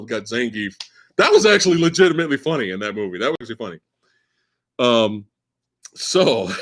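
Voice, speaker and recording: A man in his forties hosting a live Q&A stream, talking in a rambling, profane way and repeating words as he restarts his sentences. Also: medium pitch. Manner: animated, profane, stammering restarts. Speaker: livestream host. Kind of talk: live Q&A chat.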